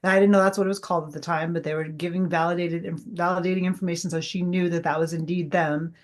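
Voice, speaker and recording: A middle-aged woman, a guest medium, telling an animated personal story in casual chat and acting out the dialogue. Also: on the low side, quick pace. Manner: animated, heavy use of "like", acts out quoted dialogue.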